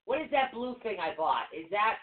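A frank, chatty co-host at an ordinary pitch, talking casually about daily life. The sound is narrow and tinny, like a phone line. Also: very animated, moderate pace. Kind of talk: casual radio chat.

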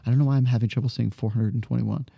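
A man's voice: mid-range voice, fairly even intonation, very fast, creaky, dark tone, slightly rough, no echo. A man hosting a casual podcast chat who jokes, laughs often and moves the show from one segment to the next. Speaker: podcast host.

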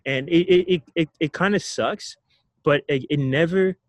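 A man's voice: a little high, normal speed, dry recording. Reflective young man from Ghana, dry sound. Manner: reflective, laughs often, repeats words. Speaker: guest. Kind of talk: casual storytelling interview.

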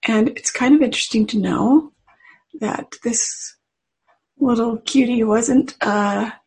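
A woman's voice: a little high, slow pace, darkish tone, slightly rough, rough recording. A woman telling a devotional story in an earnest, tender manner with emotional emphasis. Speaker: religious speaker.

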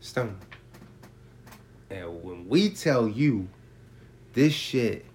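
A man in casual chat explaining his prices, talking in streetwise, profane slang and telling stories in an animated way. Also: lowish voice, extremely slow, a little hiss or hum. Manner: animated storytelling with acted-out quotes.

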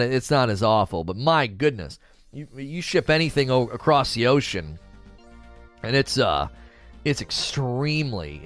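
A man's voice: medium pitch, fairly bright tone. A man livestreaming in casual chat, teasing and bantering with his viewers as he reads their comments.

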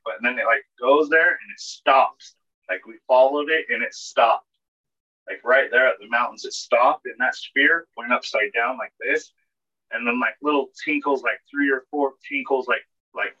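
A man's voice: medium pitch, sharp tone, husky. A man, co-hosting a podcast and telling a story in a casual, rambling way, full of filler words and swearing. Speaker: podcast co-host. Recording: dull lo-fi podcast audio.

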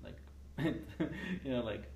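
A podcast host chatting casually, teasing and quick to laugh. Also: mid-range voice, lively intonation, a little mellow. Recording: roomy with faint noise.

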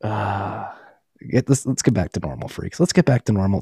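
A man's voice: on the low side, lively intonation, normal speed, mellow, slightly rough, no room sound, clean studio sound. A man co-hosting a podcast in casual, profane banter, rowdy and laughing often. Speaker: podcast co-host.

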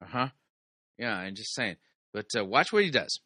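Bright-voiced man giving wry commentary. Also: fairly low pitch, big pitch swings, moderate pace, no room sound. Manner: wry, sarcastic asides; explanatory, teaches the Greek text. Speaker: sermon reviewer host. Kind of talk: casual commentary on sermon clips.

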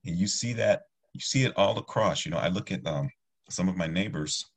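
A man's voice: sits low, fairly quick, slightly rough. A man who teaches martial arts, talking earnestly in a rambling, casual discussion with many restarts.

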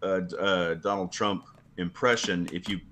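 Rambling, bright-voiced man on a call. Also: low voice, steady tone, a little hiss or hum. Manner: jokey, rambling, quick to laugh. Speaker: podcast guest. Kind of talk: casual video-call chat. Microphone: video call.

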